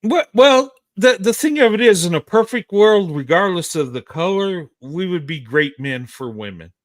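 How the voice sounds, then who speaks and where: Male host, high voice, heated and blunt, lots of stammered restarts. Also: expressive, moderate pace. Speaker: show host. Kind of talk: impassioned live-show commentary.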